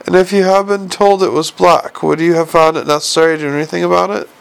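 A softly menacing older ruler, voiced by a male audiobook narrator speaks with calm, clipped dryness. The voice sits low and quiet with a gravelly edge. Every sentence sounds measured and faintly amused. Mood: dry menace. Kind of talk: audiobook character reading.

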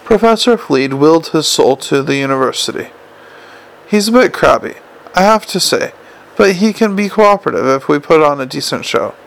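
A man voicing a fussy, nervous middle-aged male wizard who chatters and flusters, with a gravelly edge. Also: on the high side, animated, moderate pace, fairly bright tone, rough recording. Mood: chatty. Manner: flustered, chatty, eager to please.

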